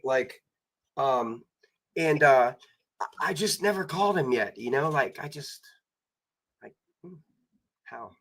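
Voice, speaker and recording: A man's voice: fairly high pitch, lively intonation, measured pace, long pauses. A man guest telling rambling anecdotes in casual chat, with many fillers and quoted voices.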